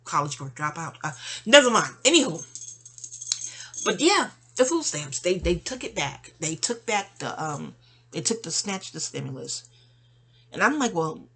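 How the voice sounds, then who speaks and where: Husky-voiced woman venting in a lively ramble. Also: medium pitch. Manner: animated, exasperated storytelling with slang and asides. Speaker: vlogger venting to a friend. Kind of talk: rambling personal monologue.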